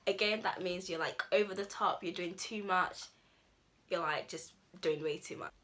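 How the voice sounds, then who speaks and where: A woman's voice: fairly low pitch, normal speed, a bit bright. A young woman, chatting casually to the camera as she explains slang, using lots of fillers. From United Kingdom. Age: young adult. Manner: chatty, filler-heavy, acts out example phrases. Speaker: language vlogger.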